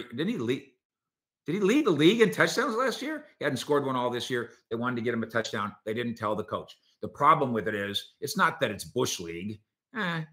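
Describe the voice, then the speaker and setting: A man's voice: medium pitch, bright, forceful tone. A man in his fifties hosting a sports talk show, opinionated and jokey, often restarting his sentences.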